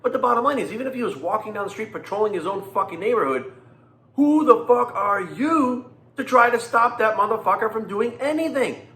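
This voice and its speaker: A man in his forties rants bluntly and angrily, swearing constantly and hammering his points home by repeating them. His voice sits high and sounds sharp and forceful. The sound carries a roomy echo. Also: expressive, brisk. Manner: blunt, angry and profane, repeating himself for emphasis. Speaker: fitness coach and vlogger. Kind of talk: profane ranting monologue.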